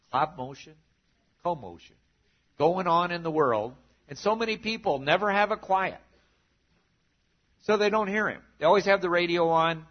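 A male pastor preaching with a fairly high voice, swinging from animated to hushed. The recording sounds a little dull and muffled. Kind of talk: sermon.

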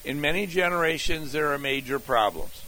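An older man preaching a sermon, working through an outline point by point in a deliberate way. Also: on the high side, bright, forceful tone, slight background noise, rough recording. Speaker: pastor.

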